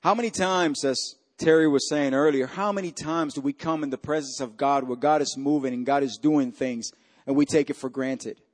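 A man preaching a sermon as pastor, swinging from loud, rising peaks to hushed, quiet lines. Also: on the high side, moderate pace.

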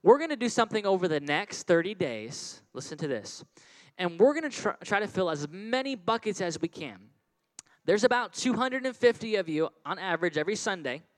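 A man preaching a children's sermon, animated and repetitive, calling out questions for kids to answer. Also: fairly high pitch, poor audio. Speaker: children's pastor.

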